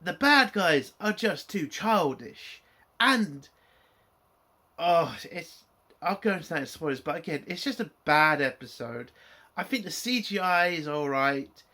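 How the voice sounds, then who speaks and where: Male reviewer, fairly high and bright voice, blunt and sweary, casual delivery. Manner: blunt, opinionated, swears freely.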